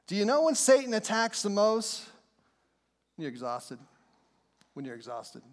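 High-voiced fervent male preacher. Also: animated, normal speed, pauses often. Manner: fervent and conversational, asks the crowd questions. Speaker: pastor. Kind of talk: sermon. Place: church sanctuary. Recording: long reverb of a large hall.

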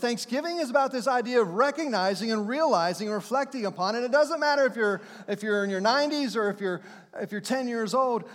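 A man preaching a sermon to his congregation in a lively storytelling manner, now and then acting out what people said. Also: high-pitched. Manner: storytelling, animated, acts out shouts and quotes. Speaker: pastor. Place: church sanctuary. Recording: long hall reverb.

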